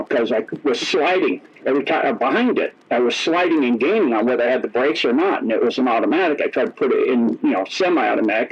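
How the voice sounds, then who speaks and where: Rough around the edges and mid-range, this middle-aged man's voice wanders through casual anecdotes as an interview guest. He keeps fixing his own words and performs the lines he quotes, captured in dull, lo-fi sound.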